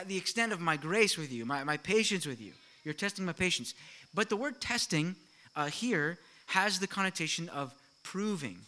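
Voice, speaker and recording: A middle-aged man preaching a sermon to his congregation, animated and full of rhetorical questions and quick asides. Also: sits high. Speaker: pastor.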